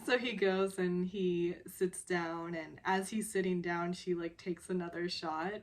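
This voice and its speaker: Slow, rambling woman recapping a drama. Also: lowish voice, fairly even intonation. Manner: rambling, many fillers, often laughing. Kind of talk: casual spoken episode recap.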